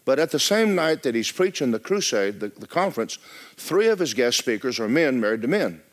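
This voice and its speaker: A man's voice: mid-range voice, very animated, fairly quick. A man preaching a sermon as pastor of a church, talking straight to the congregation with joking asides.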